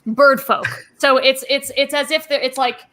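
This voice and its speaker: A woman narrating as game master of a tabletop game, giggling and halting with many fillers. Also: sits high, little pitch movement, pushed and bright.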